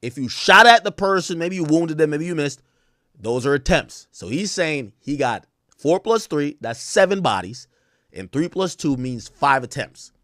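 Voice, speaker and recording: An animated man talking through rap lyrics on a stream, his pitch sitting a little high and jumping all over as he explains. The sound is close and dry, with no room around it. He chants the lyrics aloud in rapid bursts, then breaks them down in loose, casual talk. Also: no echo. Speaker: streamer reacting to rap songs.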